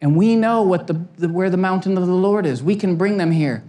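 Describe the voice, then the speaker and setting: A middle-aged man giving a sermon as a pastor, telling a lively story, acting out quotes and laughing at himself. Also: high voice, a little fast.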